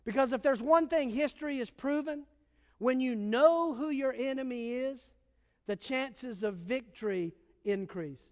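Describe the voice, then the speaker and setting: A man's voice: very high voice, measured pace, in a large hall. A man preaching a sermon as pastor, telling stories in a casual, emphatic way.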